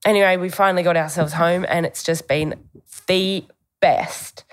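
A woman's voice: on the low side, steady tone, moderate pace. A young Australian woman telling stories as a podcast co-host, chatty, with lots of "like" and casual swearing. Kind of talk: casual chat.

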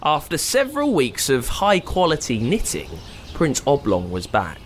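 Playful, animated man telling a story. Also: medium pitch, normal speed, a little hiss or hum. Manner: playful, expressive. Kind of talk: children's story narration.

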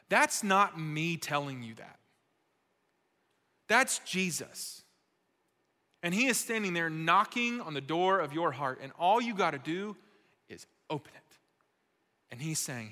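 A man preaches to a room of young adults, stacking repeated phrases with urgency before he drops to a hushed, intimate hush. His voice sits a little high and bright, with a pushing edge. A large church hall trails long echoes behind every word. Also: lively intonation, moderate pace, long pauses. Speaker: pastor speaking to young adults. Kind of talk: sermon. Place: church auditorium.

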